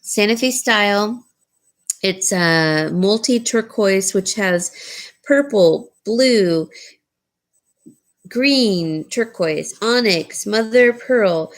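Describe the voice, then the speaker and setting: Woman chatting slowly about rings she's selling, lots of ums, mid pitch. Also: expressive. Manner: rambling, with frequent ums and restarts. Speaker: jewelry seller. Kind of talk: casual jewelry showcase talk.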